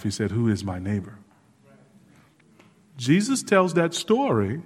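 A man preaching a sermon as pastor, lively and casual with asides and laughs to the congregation. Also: medium pitch. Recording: hall reverb.

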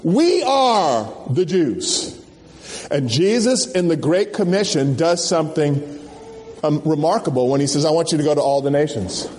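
A man preaching a sermon at a conference, animated and folksy, firing questions at the crowd. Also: a little high, a little fast, slight background noise. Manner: animated, call-and-response questions, folksy slang. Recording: long hall reverb.

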